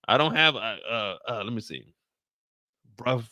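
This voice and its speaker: A man hosting a live stream, recapping a TV episode in casual chat, animated and slangy and talking straight to his viewers. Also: on the low side, moderate pace, no room sound, clean studio sound. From United States. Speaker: show host recapping a TV episode.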